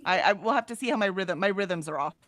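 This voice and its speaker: A woman's voice: medium pitch, quick pace, fairly bright tone. A woman hosting a casual livestream, reading viewer comments aloud in a chatty way and laughing often. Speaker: livestream host.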